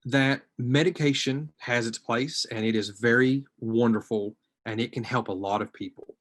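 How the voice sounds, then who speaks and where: A man speaking as a social work student on a panel, giving personal testimony in an online group discussion. He is hesitant and reflective, and his voice often trails off quietly. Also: mid-range voice, steady tone, moderate pace.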